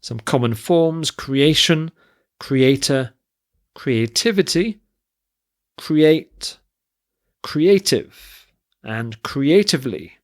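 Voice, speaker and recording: Slow, deliberate male English teacher. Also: on the high side, expressive. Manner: slow, deliberate, spells out word forms and stress. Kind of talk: vocabulary lesson.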